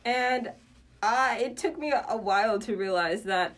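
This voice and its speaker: A woman's voice: fairly high pitch, a little slow, a bit bright. A young woman appearing as a podcast guest in casual chat, rambling, hesitant and self-deprecating. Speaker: guest actor.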